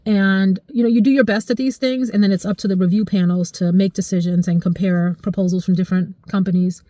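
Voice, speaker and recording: A woman in her forties chatting casually to camera about her life, expressive and emotional, her voice jumping high when she gets excited. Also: a little fast, no room sound, clean studio sound. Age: 40s. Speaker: vlogger.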